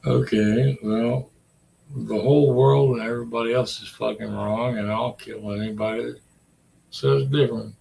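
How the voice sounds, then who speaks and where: A man's voice: medium pitch, fairly even intonation, moderate pace, gravelly, dark tone. A man in his forties rambling in a casual, profane chat and talking to his dog. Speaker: vlogger.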